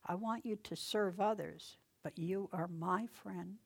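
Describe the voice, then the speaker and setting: Woman teaching scripture in soft asides. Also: on the low side, a little slow, creaky, breathy edge. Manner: reads verses aloud with loud emphasis, then drops to soft, near-whispered asides; conversational and folksy, with rhetorical questions. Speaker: Bible study teacher. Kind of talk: informal Bible study teaching.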